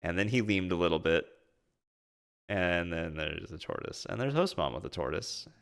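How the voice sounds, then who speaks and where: A man with a fairly low voice chats casually over his travel photos, tossing out amused, goofy remarks. He sounds relaxed, recorded indoors. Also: vocal fry, clear, resonant tone. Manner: playful and amused, drawn-out silly asides. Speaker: vlogger recapping a trip. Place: indoors at home streaming.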